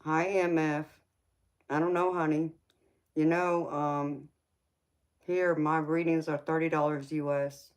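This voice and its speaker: Low, slow-talking Southern woman. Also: flat delivery. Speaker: tarot reader and livestream host. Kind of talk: casual livestream chat with viewers.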